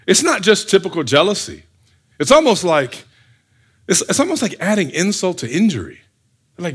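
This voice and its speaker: Animated preacher man, lively pitch. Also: moderate pace, breathy edge. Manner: animated, fires rhetorical questions, acts out scenes. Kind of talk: sermon.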